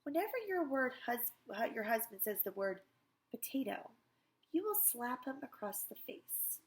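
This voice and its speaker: A woman voicing a calm, sly male psychiatrist who hypnotizes his patient, speaking slow, soothing instructions in a storybook read-aloud. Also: a little high.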